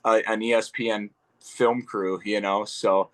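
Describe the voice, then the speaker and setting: A young man with a fairly low voice chats loosely as an interview guest. He rambles in a relaxed way, full of fillers and casual swearing. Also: measured pace. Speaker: guest fighter.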